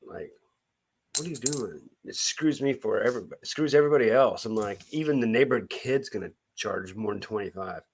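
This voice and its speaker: A man's voice: on the low side, a little fast, creaky, few pauses, a little hiss or hum. A man chatting casually on a live stream, rambling with many restarts and greeting viewers by name. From Missouri.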